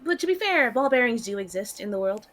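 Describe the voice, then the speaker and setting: A woman player in a tabletop game, chatting casually with giggly, animated banter. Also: fairly high pitch, fast talker, crowd noise. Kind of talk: casual chat.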